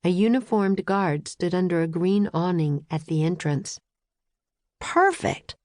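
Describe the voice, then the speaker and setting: A woman's voice: on the low side, normal speed, warm tone, no echo, clean studio sound. Woman narrating a children's audiobook. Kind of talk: scripted narration.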